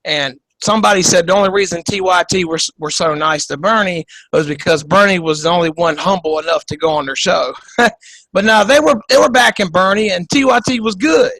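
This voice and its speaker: A man with a high voice hosts a podcast over a video call and riffs on politics in a loose, profane, joking way. He rambles and restarts as he talks, and the sound is close and dry with no room around it. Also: a little fast, creaky, a bit bright, dry recording, poor audio. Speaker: podcast host. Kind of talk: casual political commentary.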